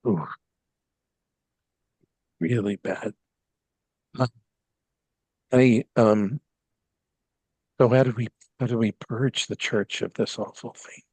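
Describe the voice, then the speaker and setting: A man's voice: on the low side, steady tone, slow pace, pauses often, a little mellow, breathy edge, no echo. A man playing a naive, devout oddball woman. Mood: curious. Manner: earnest, rambling, with many ums. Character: odd, naive, devout young woman, the Loon. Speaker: player.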